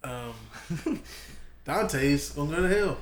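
A man's voice: a little high, lively intonation, slow, echoey room, slight background noise. A man guesting on a podcast in casual chat, brash and crude in his jokes.

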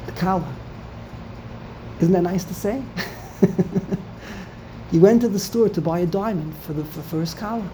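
A woman giving an animated scripture lecture, repeating key phrases for emphasis and using many Hebrew terms. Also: on the low side, moderate pace, pauses often, a little hiss or hum, rough recording. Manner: uses Hebrew terms throughout. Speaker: Torah teacher.

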